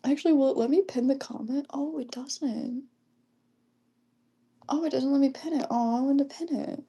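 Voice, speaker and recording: A young woman livestreaming in a casual chat, reading comments aloud, often giggling and keeping her voice hushed. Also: high voice, moderate pace, muffled recording.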